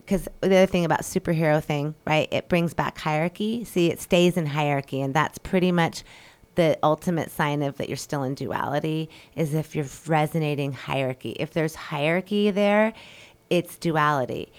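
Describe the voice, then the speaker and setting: A woman with a low, smooth voice talks earnestly and animatedly about spiritual ideas. She co-hosts a radio talk show. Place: radio studio.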